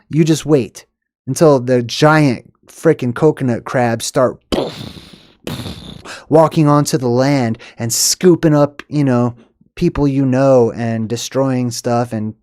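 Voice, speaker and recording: A man hosts a loose, rambling solo monologue in a dry, close-miked sound. His pitch sits mid-range, but he jumps from low mutters to sudden excited highs and chuckles at his own tangents. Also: slow pace, dry recording. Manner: rambling, animated, laughs between asides. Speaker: host. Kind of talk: casual monologue on omens.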